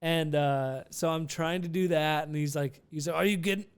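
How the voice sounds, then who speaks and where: A young man hosting a podcast, telling a rambling, animated story with restarts and swearing. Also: a little high, normal speed, smooth. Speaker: podcast host. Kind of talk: casual storytelling.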